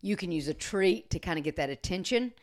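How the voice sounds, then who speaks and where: A woman co-hosting a podcast on dog training, explaining in an earnest, steady way and sometimes slowing and softening her voice. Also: fairly low pitch. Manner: earnest, explanatory, slows and softens to demonstrate calm talk. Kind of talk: casual podcast chat.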